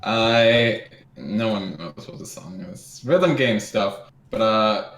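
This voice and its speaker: A man's voice: lowish voice, animated, takes it slowly, reverberant. A man on a podcast giving short, laughing answers in casual chat.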